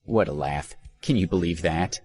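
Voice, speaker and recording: A man's voice: deep voice, normal speed, darkish tone, husky, faint music behind. A man as a sneering young troll. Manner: taunting, sneering. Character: mocking, spiteful young male troll.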